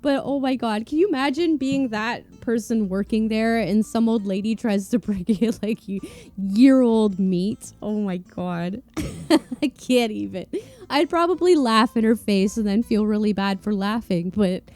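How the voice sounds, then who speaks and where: A woman casually reading online stories aloud to her viewers in a playful, animated way. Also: fairly high pitch, normal speed. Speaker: YouTube story narrator.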